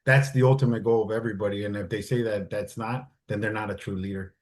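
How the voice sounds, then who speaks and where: Rambling ex-Marine telling war-film stories. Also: male voice, lowish voice, steady tone, quick pace, hardly any pauses. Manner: loose and rambling, heavy use of "like" and "I'm like"; acts out the voices of others in his story. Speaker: guest, Marine veteran and military advisor. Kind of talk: casual interview storytelling.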